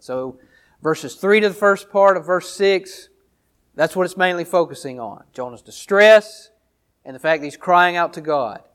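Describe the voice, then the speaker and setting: A man with a notably high-pitched voice delivers a sermon. He reads a passage aloud, then walks his listeners through it verse by verse in an earnest, teacherly way, often circling back over his phrases. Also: a bit bright. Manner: earnest teaching tone, repeats phrases while explaining. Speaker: pastor. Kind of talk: sermon, Bible reading and exposition.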